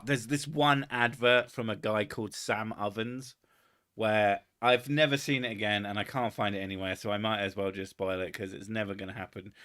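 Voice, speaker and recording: A sarcastic young man, chatting casually and swearing freely, his voice sitting at an ordinary middle pitch. He riffs crudely for comic effect as a show host. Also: a bit bright. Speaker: podcast host. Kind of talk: casual comedic chat.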